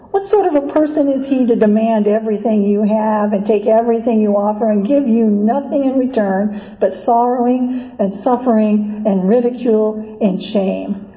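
A woman's voice: a little high, normal speed, few pauses, echoey room, muffled recording, natural voice. A woman reading the lines of a male personification of resentment in an accusing, goading way.

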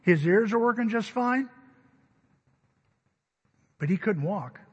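A man preaching a sermon, telling stories in an animated way and acting out what people said, sometimes crying out. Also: high voice, takes it slowly, husky, in a large hall, lo-fi sound. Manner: animated, acts out quotes and cries out. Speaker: pastor. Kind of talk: sermon with storytelling.

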